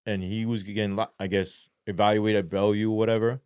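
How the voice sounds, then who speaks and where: Profane, animated man telling his story. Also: fairly low pitch, quick pace, clean tone, dry recording, studio quality. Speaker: guest, former police sergeant. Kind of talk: storytelling interview.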